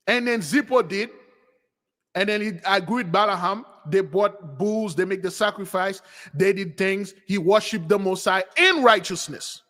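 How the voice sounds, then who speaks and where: A man teaching a spiritual lesson as an animated storytelling sermon. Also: high voice, normal speed. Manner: animated storytelling, acts out voices. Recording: long hall reverb.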